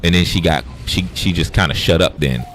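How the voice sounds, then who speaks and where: A man's voice: sits low, fairly quick, a bit bright, faint music behind. A man hosting a casual livestream, bluntly retelling an argument with profanity and quoted back-and-forth. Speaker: livestream host.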